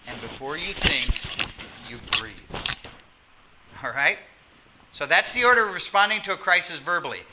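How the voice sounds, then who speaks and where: A man preaching a sermon as pastor, animated, acting out quotes and dropping to a soft voice for emphasis. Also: fairly high pitch, normal speed, long pauses. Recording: noisy sermon recording.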